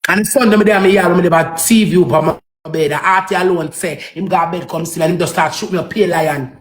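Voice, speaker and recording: A woman's voice: on the low side, fast. A woman with a Jamaican accent on a heated livestream rant, pleading and scolding in patois and repeating herself. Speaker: social media live streamer.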